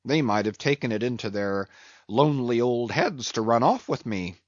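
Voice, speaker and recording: Fussy, muttering old ship's carpenter, performed by a man; lively grumbling delivery, dry recording. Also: medium pitch, normal speed, no echo, muffled recording, close to an everyday voice. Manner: hesitant, muttering, grumbling to himself.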